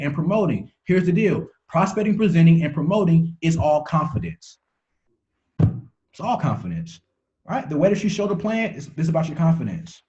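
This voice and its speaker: A man with a fairly high voice gives a motivational talk over a dull, lo-fi call line. He preaches in repeated phrases, stumbling and restarting words as he pushes his point. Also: a little mellow. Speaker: motivational speaker.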